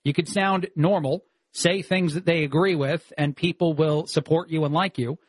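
A man filling in as a talk radio host, giving animated, opinionated commentary with frequent "uh" fillers. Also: fairly high pitch, normal speed, no room sound.

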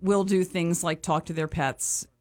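A woman chatting casually as a guest on a morning radio show, talkative and quick to laugh. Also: on the low side, fairly even intonation, darkish tone. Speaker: radio guest from an animal shelter.

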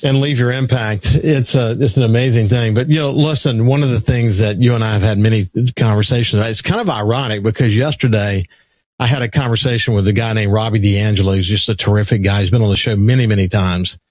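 A man's voice: lowish voice, fairly even intonation, quick pace, darkish tone, no room sound. A man hosting a casual interview, reacting with enthusiasm and asking follow-up questions. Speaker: host.

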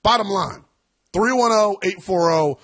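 A man hosting a sports talk radio show, talking in an animated, emphatic way that gets loud at times. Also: sits high, a little slow.

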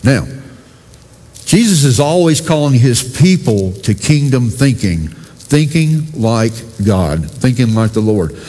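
A man's voice: medium pitch, big pitch swings, slow, mellow. A male pastor preaching a sermon in a conversational way, talking directly to his congregation. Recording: long reverb from a church hall.

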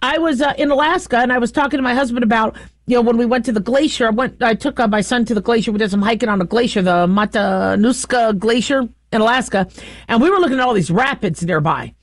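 A middle-aged woman hosts a casual commentary in a bright, high voice, talking fast. She's chatty and animated, laughs often and restarts her sentences. The sound is dry and close, with no echo.

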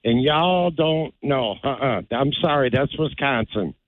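A man's voice: mid-range voice, expressive, a little slow, no echo. A man calling in to a sports radio show, talking in a folksy, drawling, apologetic way. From Ohio. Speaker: caller. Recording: tinny phone line.

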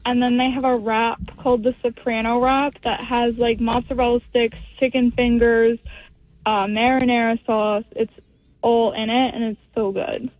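A woman's voice: on the high side, level tone, moderate pace, dry recording. A young woman calling into a radio show, talking eagerly about food. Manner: enthusiastic, describing food. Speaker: caller. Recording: phone line.

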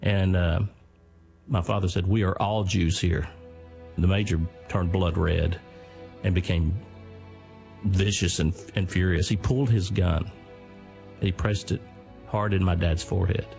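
Older man with a low, gravelly voice. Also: steady tone, a little slow, pauses often, a little mellow, soft background music. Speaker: speaker telling his father's war story. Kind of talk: storytelling talk.

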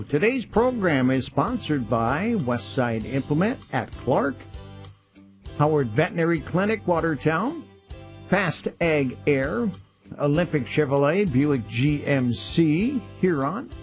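Slow, steady male radio call-in host. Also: a little high. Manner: reads listings plainly and repeats phone numbers slowly. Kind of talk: radio buy-and-sell call-in show.

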